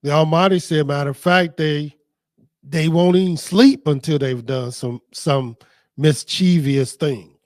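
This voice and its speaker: A man teaching scripture in a deliberate, emphatic preaching manner. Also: a little high, a little mellow, no echo, clean studio sound.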